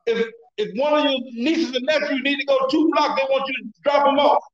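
Man in his sixties, very high voice, emphatic, repeats himself, distant mic, echoey and dull. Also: fairly even intonation, a little fast, crowd noise. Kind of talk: casual reminiscing. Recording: roomy, distant, dull sound.

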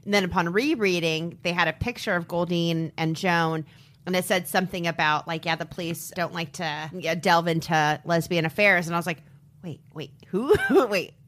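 A woman's voice: lowish voice, fairly even intonation, fairly quick, fairly bright tone. A woman co-hosting a podcast, chatting casually about a crime case, laughing often and saying "like" a lot. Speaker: podcast co-host. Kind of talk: casual true-crime chat.

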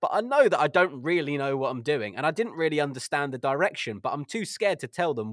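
A man co-hosting a casual football podcast, animated and acting out quoted lines. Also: on the high side, quick pace, no echo, clean studio sound. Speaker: podcast co-host. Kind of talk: casual chat.

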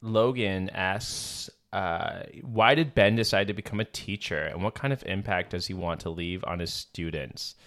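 A man's voice: sits low, moderate pace, few pauses, fairly bright tone. A young man, a teacher, co-hosting a podcast with dry jokes and earnest explanations. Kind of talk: casual chat.

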